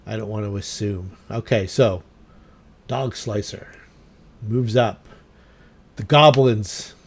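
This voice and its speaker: A man's voice: on the low side, takes it slowly, a little hiss or hum. A man running a tabletop game as game master, narrating the enemies' moves and thinking aloud with fillers.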